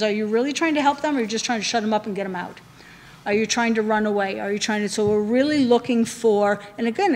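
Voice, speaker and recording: A woman's voice: on the high side, darkish tone, in a large hall. A woman leading a training session, talking conversationally and putting questions to the room.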